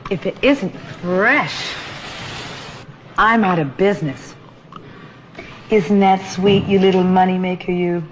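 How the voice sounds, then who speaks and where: A woman voicing a gloating fish-shop seller in an old comedy clip, with a loud, drawling delivery. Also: fairly low pitch, slow, pauses often, slight background noise.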